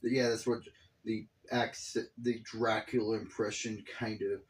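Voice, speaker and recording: A man's voice: fairly low pitch, flat delivery, a little slow. A man giving casual, profane reaction commentary on a video, exasperated and rambling.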